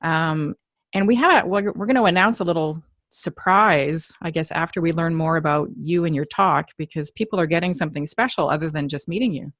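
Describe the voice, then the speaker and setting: A woman's voice: low voice, fairly quick, fairly bright tone, no echo, clean studio sound. A woman hosting an interview, upbeat and teasing in a casual chatty way. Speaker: event host.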